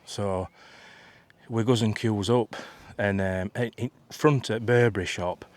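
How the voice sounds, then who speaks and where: Bloke in his 50s rambling thru a story for his vlog, lowish voice, lots of restarts. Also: steady tone, a little slow, darkish tone. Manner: rambling, chatty, full of restarts and asides. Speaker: vlogger. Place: outdoors in a field.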